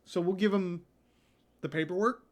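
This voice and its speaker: A man's voice: high-pitched, normal speed. A man playing a tabletop game in a laid-back, joking manner. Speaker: player. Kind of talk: casual tabletop game play.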